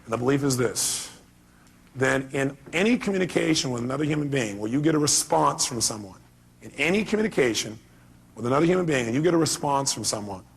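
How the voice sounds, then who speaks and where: A man's voice: medium pitch, gravelly, breathy edge. A middle-aged man giving a live seminar talk as a motivational speaker, emphatic and firing rhetorical questions at the audience.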